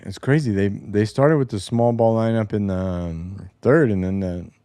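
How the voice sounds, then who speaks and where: A man's voice: lowish voice, normal speed, warm tone, clean tone, no room sound. A man hosting a casual sports talk show from a home basement, rambling and opinionated, with some swearing. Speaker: host. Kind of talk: casual solo sports commentary.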